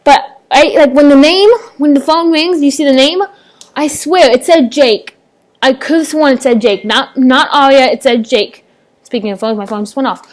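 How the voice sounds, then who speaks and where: A young woman, chatting casually to her laptop webcam at home, rambling excitedly with lots of fillers and restarts. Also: high voice, moderate pace. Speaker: vlogger reviewing a TV episode. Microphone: laptop webcam microphone.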